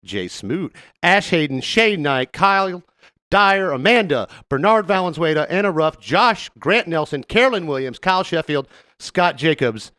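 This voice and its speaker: A man co-hosting a podcast, reading out supporter names and trading quick jokes with his co-host. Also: on the high side, big pitch swings, bright, forceful tone. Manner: reads a long list of supporter names, chimes in with quick jokes. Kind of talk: casual chat.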